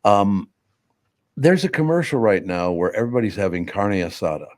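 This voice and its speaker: A man's voice: on the low side, very animated, normal speed, no echo, clean studio sound. A man hosting a casual talk radio show, rambling and incredulous, reading an ad in his own voice. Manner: rambling, incredulous, mock accents for jokes. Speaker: radio host. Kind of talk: casual talk radio banter and live ad read.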